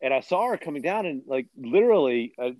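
A man's voice: medium pitch, lively intonation, brisk, darkish tone, dry recording, poor audio. A man in a casual conversation, speaking earnestly and telling stories with enthusiasm.

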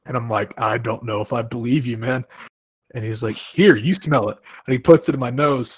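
A young man with a slightly husky voice hosts a casual chat, telling stories with acted-out quotes. The sound is thin and phone-like, close and dry. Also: mid-range voice, fairly quick, no echo. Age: young adult. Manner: animated storytelling with acted-out quotes. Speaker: podcast host. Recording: tinny phone-like line, dry.

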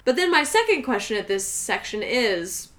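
A woman's voice: fairly high pitch, big pitch swings, normal speed. A young adult woman co-hosting a podcast, recapping a film in a rambling, filler-heavy casual way. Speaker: podcast co-host.

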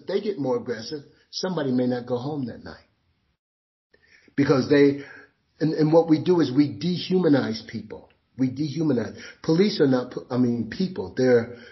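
A man talking as an interview guest, telling emphatic stories and acting out little scenes. His voice sits at a middle pitch. The recording sounds dull and lo-fi. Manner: emphatic storyteller, acts out scenes. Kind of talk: conversational interview.

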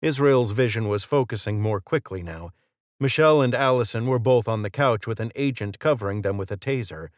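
A man narrating an audiobook in a measured, steady reading. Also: medium pitch, no echo, studio quality. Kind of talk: scripted narration.

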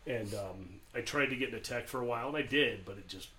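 Man, middle pitch, laid-back, joking, self-mocking, casual chat. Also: fast, pushed and bright, slight background noise, low-quality recording.

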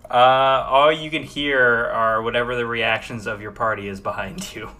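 A man's voice: mid-range voice, fairly even intonation, normal speed, sharp tone. A man narrating as game master of a tabletop game, loose and rambling with many fillers.

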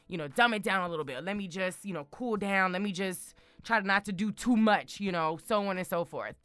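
A young woman chatting casually to her viewers, bold and excitable, repeating words for emphasis. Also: medium pitch, fairly quick, no room sound. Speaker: vlogger.

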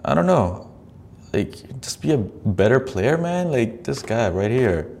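A man's voice: medium pitch, a little slow, vocal fry. A man hosting a casual podcast, reacting to video clips with profane, mocking commentary. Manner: profane, mocking, animated asides. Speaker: podcast host.

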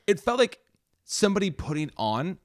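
A man co-hosting a casual movie podcast, talking in quick restarts and swearing freely. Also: high-pitched, very animated, dry recording, clean studio sound. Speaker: podcast co-host. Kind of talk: casual movie-review chat.

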